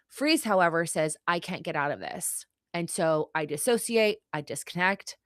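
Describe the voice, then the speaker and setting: A woman with a slightly low voice teaches on a live stream, keeping it conversational and often checking in with her viewers. The sound is dry and close, with no room echo. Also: fairly bright tone. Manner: conversational, frequently checks in with "right?" and "okay?". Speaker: podcast host and mindset coach.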